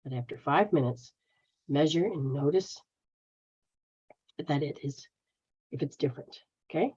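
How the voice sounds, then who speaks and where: Blunt, casual American woman, low voice. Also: expressive, a little slow, darkish tone, husky. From United States. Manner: blunt, casual, swears freely. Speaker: spiritual healer hosting a live stream. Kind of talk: live-stream chat answering viewers. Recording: dull lo-fi stream audio.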